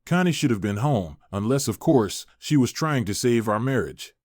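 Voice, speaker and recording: Steady male storyteller, dry close sound. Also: medium pitch, normal speed, no echo. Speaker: story narrator. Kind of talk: scripted first-person story narration.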